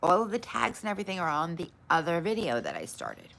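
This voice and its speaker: A woman hosting her own livestream, grumbling about her tech troubles and brightly greeting her viewers. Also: fairly low pitch, wildly swooping pitch, fast, gravelly. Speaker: livestream host. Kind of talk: casual livestream chat.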